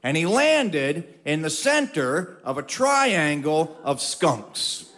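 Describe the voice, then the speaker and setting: A man telling a funny story to an audience, with wry, drawn-out comic timing. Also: on the high side, big pitch swings, fairly bright tone.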